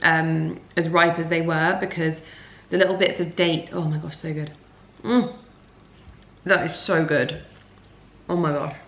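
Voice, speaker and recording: A woman's voice: fairly low pitch, a bit bright. A woman in her thirties chatting casually in a lifestyle vlog from her home kitchen, talking loosely with many fillers and frequent giggles. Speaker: lifestyle vlogger.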